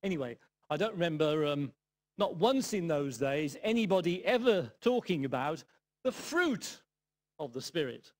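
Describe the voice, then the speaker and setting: Older man, from England, sermon, storytelling, dry humour, quiet asides, fairly high voice. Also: animated, normal speed. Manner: reflective storytelling, dry humour, drops to a soft murmur on asides. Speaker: guest preacher.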